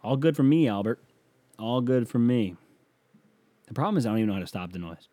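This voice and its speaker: Crude rambling man, low mellow voice. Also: brisk, no echo. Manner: crude, rambling, self-mocking. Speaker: podcast host. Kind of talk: casual solo podcast rant. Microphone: close studio mic.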